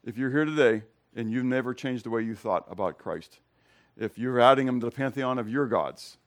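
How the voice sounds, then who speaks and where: A man preaching a sermon to his congregation, conversational, asking them direct questions and moving between loud emphasis and quiet, low remarks. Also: fairly quick. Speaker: pastor. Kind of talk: expository sermon.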